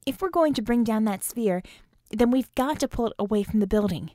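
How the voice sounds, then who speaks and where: A woman's voice: on the high side, animated, fairly quick, mellow, no room sound, natural voice. A woman reading an audiobook, voicing a wry, matter-of-fact young woman sharpshooter.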